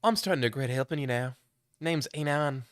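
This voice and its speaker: A man's voice: medium pitch, brisk, dry recording, studio quality, close to an everyday voice. A man voicing a polite, formal young male traveler in a put-on British accent for a game.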